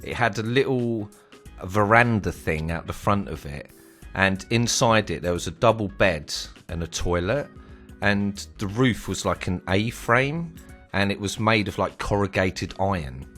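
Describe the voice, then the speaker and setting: A man telling a casual, slangy story from his travels on his vlog. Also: on the low side. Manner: animated, slangy, swearing storyteller.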